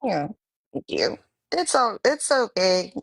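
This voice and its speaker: A woman guest on a live panel, chatting in an animated, joking way. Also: mid-range voice, slow pace, vocal fry, dry recording. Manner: chatty, animated, laughing easily. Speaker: guest caller telling a dating story. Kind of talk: casual live-stream chat.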